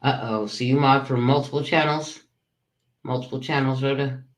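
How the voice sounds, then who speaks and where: A streamer rants hard and swears freely at people he calls out, with sudden jumps up in pitch when he gets worked up. His voice sits at a middling pitch. The room around him rings with echo. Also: fairly even intonation, moderate pace. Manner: profane, heated, talks to chat. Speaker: livestream commentator. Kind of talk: ranting livestream commentary. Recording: roomy echo.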